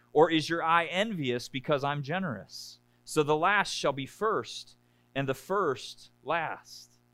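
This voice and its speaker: A man's voice: a bit bright, dry recording. A man preaching a conversational sermon to a congregation, often checking in with "right?" and acting out whiny complaints. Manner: acts out complaining voices in a high whiny pitch. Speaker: pastor.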